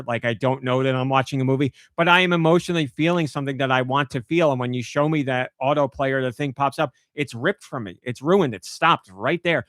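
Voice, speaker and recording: Animated podcast host, dry close sound. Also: male voice, mid-range voice, no echo. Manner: animated storytelling, acts out his own outbursts. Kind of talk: casual podcast chat.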